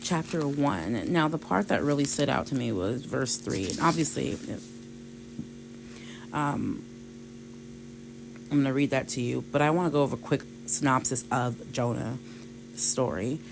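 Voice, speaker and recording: This woman's voice rumbles low and gravelly, moving at a measured pace with long pauses against background noise. Hosting a devotional podcast, she gives a casual Bible study talk, retelling scripture conversationally with quoted voices and light laughter.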